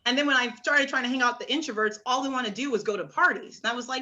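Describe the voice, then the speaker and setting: A young woman from Oklahoma performing a stand-up comedy set on a club stage, with a halting delivery full of restarts and dry punchlines. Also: high voice, sharp tone.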